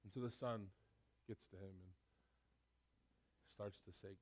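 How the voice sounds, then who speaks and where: Stammering, animated male preacher. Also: lowish voice, measured pace. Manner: animated storytelling with frequent stammered repeats. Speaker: pastor. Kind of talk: sermon.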